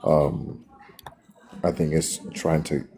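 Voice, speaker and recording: A man speaking as a guest on a panel in a measured, slightly hesitant way. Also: very deep voice, level tone, vocal fry, warm tone. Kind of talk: casual panel discussion. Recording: crowd noise behind the voice.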